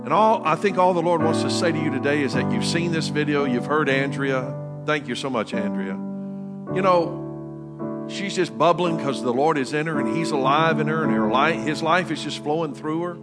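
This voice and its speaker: A man, the pastor, addressing his congregation in a halting way, repeating words as he goes. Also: on the high side. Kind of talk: sermon. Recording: church service with music behind. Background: loud guitar and piano music.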